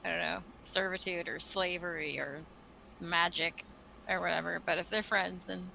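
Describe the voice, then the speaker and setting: Bright, gravelly-edged woman player. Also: on the low side, steady tone, moderate pace, slight background noise, low-quality recording. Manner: chatty, describes actions in first person. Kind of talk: casual tabletop role-play.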